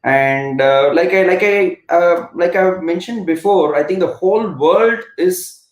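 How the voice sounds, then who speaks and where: A man's voice: sits high, unhurried. A middle-aged man with an Indian English accent, a former cricketer telling stories as a guest in a live online interview, rambling with many fillers and restarts. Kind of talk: conversational storytelling on a live web interview. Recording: roomy echo.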